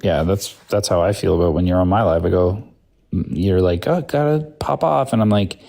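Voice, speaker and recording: A man's voice: sits low, steady tone, moderate pace, creaky, warm tone. A man co-hosting a casual livestream debate show, blunt and teasing. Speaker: podcast co-host.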